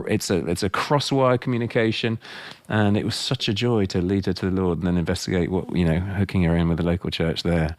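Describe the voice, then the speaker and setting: A man's voice: sits low, dry recording. A man hosting a podcast, chatting and sharing his own anecdote with his guest. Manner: brief affirmations, then tells his own anecdote. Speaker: podcast host. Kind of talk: conversational interview.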